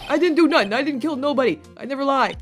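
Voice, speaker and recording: A woman's voice: sits high, lively intonation, faint music behind, pitched above the performer's own voice. Woman doing a dim, broken-English male prisoner. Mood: pleading. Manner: slow, blunt broken English.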